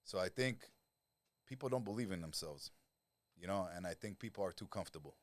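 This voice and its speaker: Blunt, profane man with a low voice. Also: fairly quick. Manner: blunt, animated storyteller who swears freely and acts out quoted voices. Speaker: guest, lifestyle coach. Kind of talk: casual podcast conversation.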